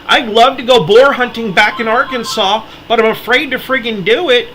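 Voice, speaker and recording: A man's voice: very high voice, bright, forceful tone, a little hiss or hum, poor audio. An American man delivering an impassioned political monologue, heated and pleading, his voice cracking as he gets worked up. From United States. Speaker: political commentator.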